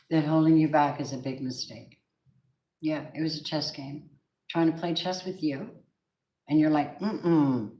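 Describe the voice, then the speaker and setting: A woman's voice: low-pitched, a little mellow. A woman giving a casual spiritual tarot reading, emphatic and preachy, talking straight to the viewer. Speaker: tarot reader. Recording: echoey room.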